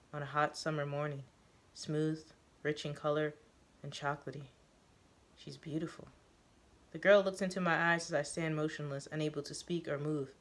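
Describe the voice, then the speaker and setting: Woman reading a story aloud, halting. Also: deep voice. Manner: halting, self-correcting, with fillers. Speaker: reader of a story.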